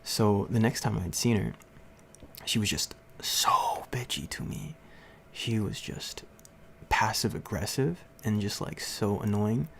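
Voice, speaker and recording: Unhurried and sing-song, a young man hosting a livestream rambles through a story to his chat with many fillers and lots of laughs. His voice is on the low side, creaky, and fairly bright in tone, with slight background noise.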